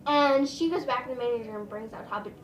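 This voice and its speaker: Woman rambling through a storytime, kinda high voice, sounds a bit far from the mic. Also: fast talker. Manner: chatty, rambling, lots of "like" and "um". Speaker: vlogger telling a story. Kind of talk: casual storytime. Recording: roomy, a little off-mic, faint room noise.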